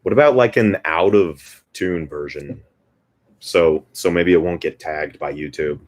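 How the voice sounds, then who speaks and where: A man's voice: deep voice, unhurried. A man hosting a guitar live stream, chatting casually between songs in a rambling, self-deprecating way with lots of fillers. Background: guitar playing.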